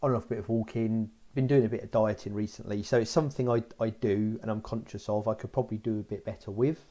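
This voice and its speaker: A man's voice: on the low side, steady tone, quick pace, dark tone. A middle-aged man co-hosting a podcast in casual chat, reflective and hesitant, often restarting his sentences. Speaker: podcast co-host.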